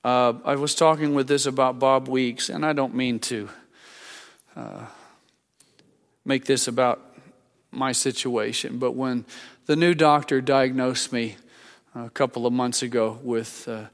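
An older man preaching a sermon as a pastor, conversational and halting, with frequent restarts. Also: mid-range voice, steady tone, vocal fry. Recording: long hall reverb.

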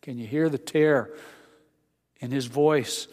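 A man preaching a sermon, telling the scripture story and acting out its voices, dropping to a hush for tender moments and building up for emphasis. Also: mid-range voice, steady tone, takes it slowly. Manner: drops to a quiet hush for intimate lines, rises for emphasis. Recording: long hall reverb.

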